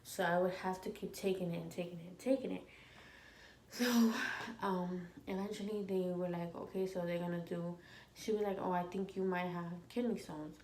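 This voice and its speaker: A woman in her twenties telling a storytime vlog, animated and swearing freely as she quotes people in her story. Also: lowish voice, normal speed. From United States. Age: 20s. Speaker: vlogger. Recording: echoey room with faint ambient noise.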